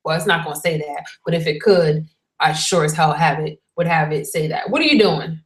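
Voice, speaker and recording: A young woman venting straight to camera in a blunt, exasperated rant, swearing freely as she tells her story. Her voice sits a little low for a woman, and the sound carries a roomy echo. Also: little pitch movement, a little fast. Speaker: vlogger.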